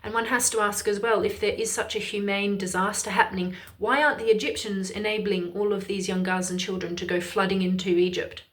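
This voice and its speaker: A woman's voice: medium pitch, fairly even intonation, a little fast, few pauses, a bit bright. A woman with an Irish accent giving heated, emphatic, exasperated political commentary in a ranting video. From Ireland.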